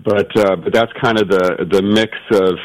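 Low-voiced man explaining patiently. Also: steady tone, a little slow, low-quality recording. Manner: thoughtful, explains patiently with many fillers and restarts. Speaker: guest scholar. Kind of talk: explanatory interview answers.

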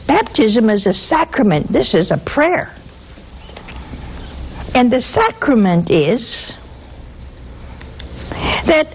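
A woman's voice: high voice, a little hiss or hum, poor audio. A woman preaching a sermon in a folksy, humorous, conversational way.

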